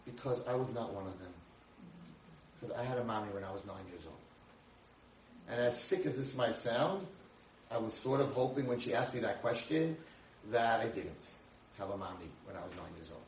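A rabbi in his sixties gives a humorous storytelling lecture, acting out the dialogue in a mid-range voice at a moderate pace with frequent pauses. The recording sounds distant, in an echoey room, with faint hiss.

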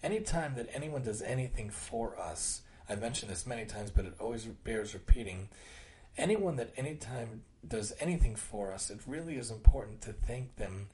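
A man, talking in an earnest, gentle way and repeating phrases for emphasis. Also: mid-range voice, expressive, moderate pace. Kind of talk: casual talk monologue.

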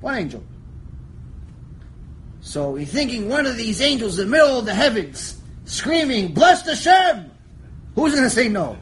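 A man teaching a Torah lecture, animated storytelling that jumps between quiet asides and shouted lines, joking with his listeners. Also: high voice, normal speed, pauses often, a little hiss or hum, rough recording. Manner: animated storytelling, acts out voices, jokes, shouts for emphasis. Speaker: rabbi teaching a lecture series.

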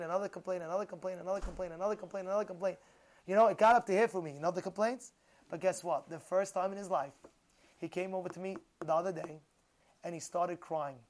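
Emphatic male rabbi preaching. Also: sits high. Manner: emphatic, repetitive, rhetorical questions. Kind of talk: sermon.

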